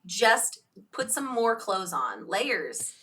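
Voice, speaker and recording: A woman's voice: mid-range voice, sing-song, slow pace, sharp tone. A woman in her thirties co-hosting a podcast, casual, teasing and sarcastic. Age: 30s. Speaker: podcast co-host. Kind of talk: casual chat.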